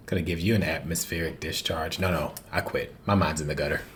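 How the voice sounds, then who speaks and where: A man's voice: rumbling low, steady tone, fairly quick, fairly bright tone, slight background noise. A man hosting a casual movie reaction, making joking asides and laughing often.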